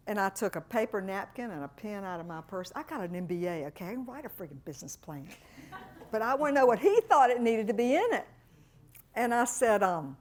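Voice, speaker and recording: Lively woman telling workshop stories. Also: medium pitch, moderate pace. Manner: animated storyteller, acts out quoted voices. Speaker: fundraising consultant. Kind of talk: workshop talk.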